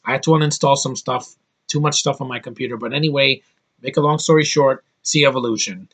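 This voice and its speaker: A man's voice: medium pitch, a little fast, fairly bright tone, breathy edge. A man reviewing a movie in a casual vlog, rambling and opinionated with emphatic bursts.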